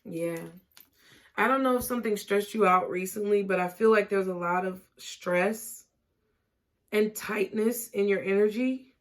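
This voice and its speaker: A woman giving a tarot reading, talking gently and reassuringly and often checking in with "okay?". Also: medium pitch, unhurried. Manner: casual, laughing and swearing at times. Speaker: tarot reader.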